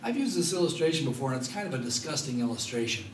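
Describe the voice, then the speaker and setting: A man preaching a Bible study sermon to a congregation, talking in a lively, joking way. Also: medium pitch, very fast, slight background noise. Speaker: pastor. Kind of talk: expository Bible teaching. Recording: echoey room, mic at a distance.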